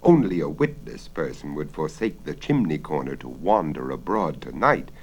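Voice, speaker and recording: A man reading a story aloud with dramatic expression, often dropping into hushed whispers for suspense. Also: a bass voice, very animated, normal speed, breathy edge.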